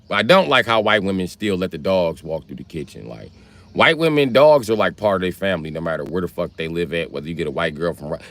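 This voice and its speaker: A man's voice: low-pitched, a bit bright, no echo. A man live-streaming, casually reading viewer comments aloud and answering them with crude, rambling jokes. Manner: crude, joking, rambling banter.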